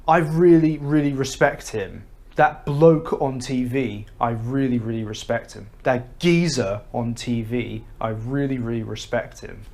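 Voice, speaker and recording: Male English-accented teacher; measured, very unhurried classroom delivery, ordinary pitch. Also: a little mellow. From England. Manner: slow, careful, deliberate delivery. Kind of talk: slow explanatory lesson for learners. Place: Russia.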